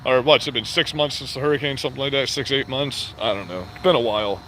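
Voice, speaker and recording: A man's voice: medium pitch, quick pace, a bit bright, slight background noise. A middle-aged man from Florida, ranting bluntly and profanely in a casual vlog. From Florida, USA. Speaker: vlogger. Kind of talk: casual rant to camera.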